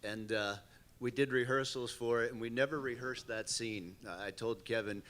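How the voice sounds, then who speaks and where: A man's voice: medium pitch, fairly even intonation, normal speed, a bit bright. A man on a fan panel, answering a question casually in a hesitant, self-deprecating way.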